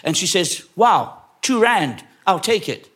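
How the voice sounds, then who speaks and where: A man from England preaching a sermon to a congregation, telling a story and then shouting exhortations. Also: high voice, big pitch swings, takes it slowly. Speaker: pastor. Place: church.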